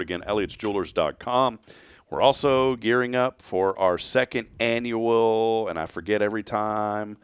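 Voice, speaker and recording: A man's voice: sits low, smooth, no echo. A man hosting a local morning talk show, rambling casually and joking with his co-host. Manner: rambling, jokey, playful.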